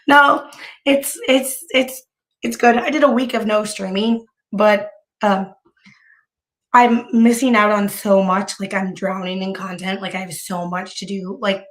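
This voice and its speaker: A woman live streamer chatting casually to her viewers, hoarse with bronchitis, with heavy vocal fry and a rambling way of talking full of restarts. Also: mid-range voice, a bit bright.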